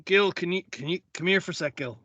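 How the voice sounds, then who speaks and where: A man playing a tabletop game in character, halting and full of fillers. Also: high voice, bright, forceful tone, no room sound. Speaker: player. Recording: dull lo-fi mic.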